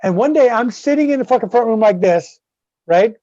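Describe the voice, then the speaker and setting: A man with a Southern US accent, swearing freely as he tells an animated story in casual podcast chat. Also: very high voice, a little fast, dry recording. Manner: profane, animated storyteller with many "right?" tags. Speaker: guest co-host. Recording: slightly dull lo-fi dry sound.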